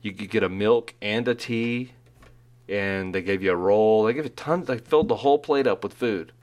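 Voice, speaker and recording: A man's voice: fairly low pitch, normal speed, darkish tone. A middle-aged man telling rambling school stories in casual chat, laughing at his own jokes.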